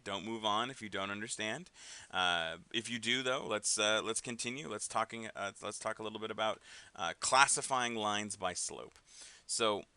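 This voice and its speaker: Casual man teaching math, crisp dry voice. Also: fairly low pitch, pushed and bright, no room sound. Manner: casual, with frequent fillers and tag questions. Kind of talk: recorded classroom lesson.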